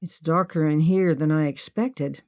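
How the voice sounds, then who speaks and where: A woman's voice: low voice, fairly even intonation, a little slow, a little mellow, dry recording, clean studio sound. A woman voicing an impulsive, upbeat young woman who brushes off worry, in an audiobook.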